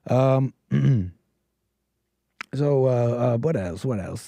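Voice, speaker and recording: A man's voice: medium pitch, sing-song, unhurried, mellow, no room sound. Rambling male livestream host. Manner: meandering, full of fillers and restarts, laughs often. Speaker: livestream call-in show host. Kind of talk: casual rambling monologue to chat.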